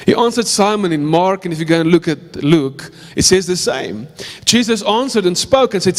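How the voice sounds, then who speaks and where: A man's voice: sits high, expressive, normal speed, long reverb tail. A male pastor with a South African accent, preaching a sermon in church, telling a story earnestly and repeating phrases for emphasis. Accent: South African English.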